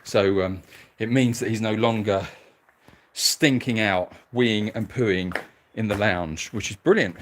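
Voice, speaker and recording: A man's voice: lowish voice, measured pace, a little hiss or hum. A man hosting a casual live stream from home, chatting and reading out viewer comments in a rambling way. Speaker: animal sanctuary host reading live comments. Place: at home, moving about the house.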